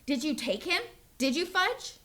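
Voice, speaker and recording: A woman's voice: high voice, very animated, moderate pace, a bit bright, full character voice. A woman voicing an upset boy of about nine who pleads and protests, read from a children's storybook. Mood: indignant. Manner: pleading, indignant.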